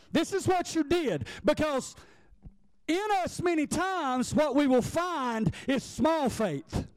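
Preacher guy, really high voice that swings all over, dry close sound, gets shouty then goes quiet. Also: no room sound. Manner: impassioned, swings from shouting to near-hushed prayer. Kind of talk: sermon.

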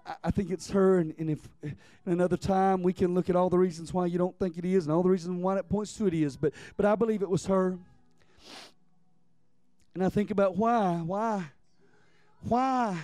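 A man preaches with rising passion, his voice pitched high for a man. He hammers words over and over and climbs toward shouts. The sound is dry, with no room echo. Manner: impassioned, repeats words, builds to near-shouts. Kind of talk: sermon.

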